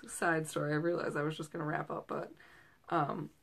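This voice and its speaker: Woman in her thirties, casual chatty host, rambling, fillers, slightly low voice. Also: level tone, brisk, creaky. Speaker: host and direct seller. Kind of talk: casual chat. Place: small room at home.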